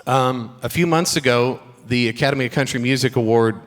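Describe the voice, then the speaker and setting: A man's voice: mid-range voice, a little fast. Middle-aged southern guy talking to students in a chapel, joking storyteller, long echo tail. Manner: warm storytelling with humor and faith encouragement. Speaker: guest speaker at a school chapel. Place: school chapel. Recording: long hall reverb.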